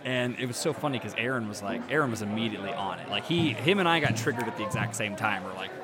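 A man's voice: fairly low pitch, lively intonation, fast, over music. A man telling a long story in casual chat, rambling and profane, often laughing.

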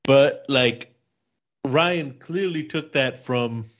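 A man co-hosts a casual podcast discussion, speaking very slowly in a medium-pitched, slightly bright voice. His take is thoughtful and hedging, peppered with fillers.

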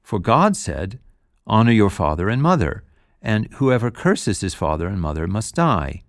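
A man's voice: fairly low pitch, big pitch swings, normal speed, no echo, studio quality. A man reading scripture aloud, voicing the words of a male teacher who rebukes and consoles with authority. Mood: solemn.

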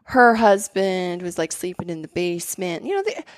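A woman's voice: fairly low pitch, normal speed, dry recording. Woman chatting, lots of likes and ums, dry close mic. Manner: animated storytelling with many fillers. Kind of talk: casual conversation.

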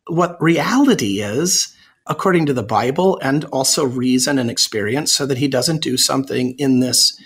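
Husky-voiced man, earnest pastor. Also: medium pitch, a bit bright. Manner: earnest, plain-spoken, explaining with examples. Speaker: Lutheran pastor, guest. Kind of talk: radio interview answers.

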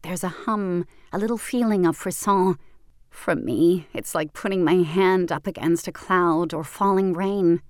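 Low-voiced woman narrating an audiobook. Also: a little slow, no room sound, studio quality. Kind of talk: first-person fiction narration.

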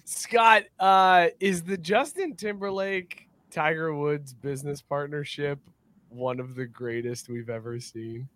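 A young man co-hosting a casual sports podcast, loud and joking, goading his friends. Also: on the high side, takes it slowly, a little hiss or hum. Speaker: podcast co-host.

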